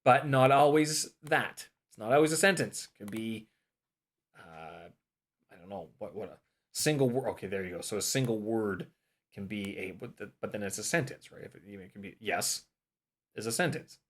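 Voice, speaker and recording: Low-voiced man muttering over study notes. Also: brisk. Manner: muttering to himself, self-mocking, thinking aloud. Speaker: English teacher studying for a teaching diploma. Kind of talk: casual study vlog, reading course notes aloud.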